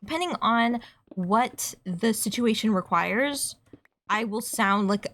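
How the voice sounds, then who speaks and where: A woman's voice: on the high side, fairly bright tone. Rambling young Canadian woman streaming. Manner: rambling, quick asides, swears casually. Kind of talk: casual streaming chat while gaming.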